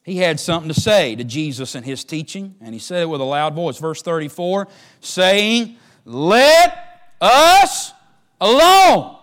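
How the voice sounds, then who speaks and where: A man preaching a fervent sermon, swinging between hushed lines and loud ones. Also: a little high, expressive, fairly quick, hardly any pauses. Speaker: pastor.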